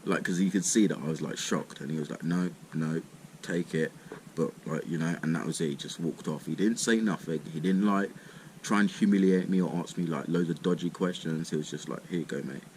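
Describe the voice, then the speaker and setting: A man's voice: deep voice, a little fast, a little mellow, slight background noise. A young man telling a rambling, casual story full of swearing and "mate". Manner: rambling, swears a lot, says "mate" and "literally" often.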